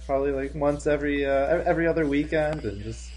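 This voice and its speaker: A man's voice: on the high side, quick pace, a little mellow, slight background noise. A man co-hosting a podcast in casual chat, amused and joking, laughing often. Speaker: podcast co-host.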